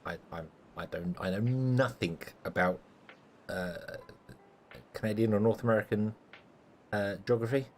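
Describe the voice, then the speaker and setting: A man's voice: on the low side, measured pace, pauses often, a little hiss or hum. Chatty British man streaming a game. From Britain. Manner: chatty, joking, stumbles and repeats words. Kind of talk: casual stream chat with viewers.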